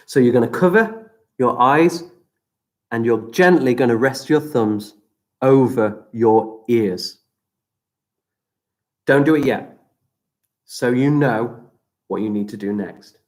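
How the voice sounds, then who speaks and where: A man teaching children breathing exercises during a live stream, giving slow, gentle, step-by-step instructions. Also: medium pitch. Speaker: primary school teacher. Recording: echoey room.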